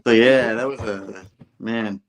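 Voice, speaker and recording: Animated man retelling a comic. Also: slow, a little hiss or hum. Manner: acts out character lines with raised pitch. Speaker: comic book reviewer. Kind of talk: casual chat retelling a comic.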